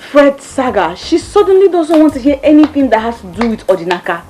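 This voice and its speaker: An actress playing a calm young daughter with a Nigerian accent, reasoning with her parents. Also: high voice, fairly quick, faint music behind. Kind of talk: Nollywood film acting.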